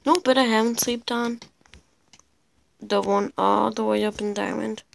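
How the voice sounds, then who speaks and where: A woman's voice: on the high side, steady tone, measured pace, gravelly, slight background noise, poor audio. A teenage girl chatting casually while playing a video game, rambling and mocking herself as she goes. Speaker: gameplay commentator. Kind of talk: casual gameplay commentary.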